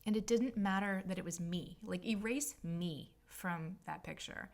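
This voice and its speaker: A woman's voice: mid-range voice, takes it slowly, darkish tone. A woman spiritual healer telling a personal story in a rambling, emotional, casual monologue. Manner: rambling, emotional, filler-heavy.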